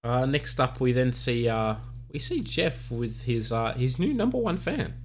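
A man's voice: medium pitch, very animated, takes it slowly, a little hiss or hum. A man hosting a casual chat about a TV episode. He rambles with fillers and laughs often. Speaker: podcast host recapping a TV episode.

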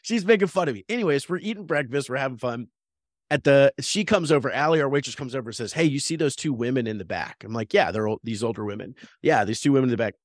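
This man co-hosts a podcast and laughs a lot while telling a story in relaxed conversation. He speaks fast at a medium pitch, and the studio sound is clean, without echo.

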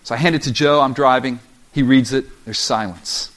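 A man's voice: mid-range voice, fairly even intonation, normal speed, a bit bright. A middle-aged man preaching a sermon as a pastor, conversational and humorous, telling self-deprecating stories.

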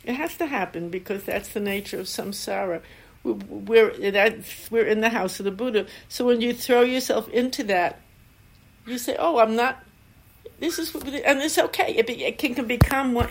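An older woman, a Zen teacher, giving a dharma talk with anecdotes and frequent laughter. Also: medium pitch. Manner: warm storytelling, laughs often.

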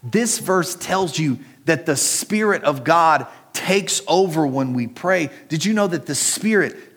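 Middle-aged pastor guy, kinda high voice, chatty sermon, talks right at the crowd like friends. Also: animated, unhurried, few pauses, fairly bright tone, husky. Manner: conversational, personal storytelling, addresses listeners directly.

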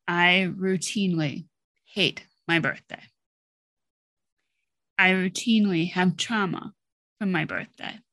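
A middle-aged woman hosts her own podcast, delivering a personal monologue in a lowish, slightly bright voice with no echo. She tells her story bluntly and candidly, swearing freely.

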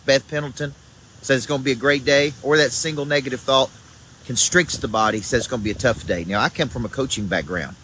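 A man with a Southern accent, a motivational coach giving an energetic live morning talk to viewers, repeating key phrases and greeting people by name. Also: medium pitch, fast, poor audio. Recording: loud background noise.

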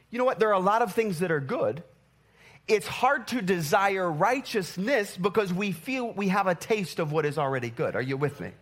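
A man preaching a sermon, teaching through everyday examples and often checking in with the congregation. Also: fairly high pitch. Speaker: pastor.

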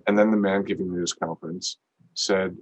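A man's voice: deep voice, fairly even intonation, a little fast, muffled recording. A man co-hosting a podcast, telling a story in an earnest, reflective way. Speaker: podcast co-host. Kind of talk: casual conversation.

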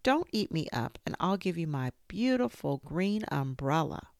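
A frightened little boy from a storybook, played by a woman reading aloud, pleading in a high, raised voice. The pitch swoops widely, and the sound is close and dry. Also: sing-song, moderate pace, a little mellow, no echo.

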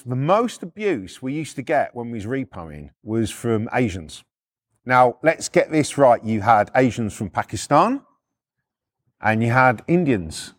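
A middle-aged British man tells first-person stories on a podcast in a blunt, swearing style, acting out quotes with shifts in pitch. The recording is dry, with clean studio sound.

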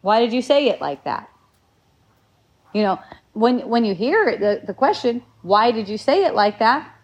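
A woman gives a casual spiritual talk, her voice sitting a little high. She muses in a rambling, reflective way and often circles back to restart a thought. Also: sing-song, moderate pace.

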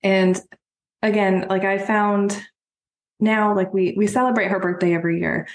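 A woman's voice: mid-range voice, steady tone, normal speed. Earnest woman in an echoey room. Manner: soft-spoken, earnest, many fillers. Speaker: guest. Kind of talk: personal conversation. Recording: roomy echo.

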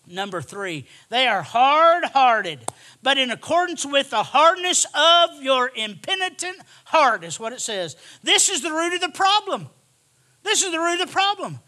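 A man preaching a sermon, emphatic and repetitive, swinging from hushed asides to shouted lines. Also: very high-pitched, lively intonation, moderate pace.

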